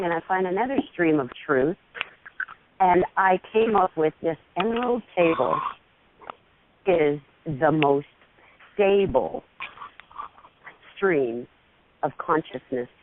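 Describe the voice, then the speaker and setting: A woman talks slowly and loosely, drifting from thought to thought and breaking into giggles. She is heard over a thin, tinny phone line. Her phrasing stretches out as she goes. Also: deep voice, noisy background. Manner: giggly, meandering, drawn-out phrasing. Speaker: caller. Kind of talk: rambling spiritual chat.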